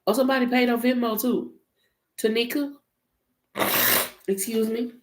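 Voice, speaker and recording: A woman's voice: on the high side, steady tone, normal speed. A woman hosting a casual live-stream tarot reading, chatty and loose, talking straight to her viewers and swearing freely. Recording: echoey room with faint noise.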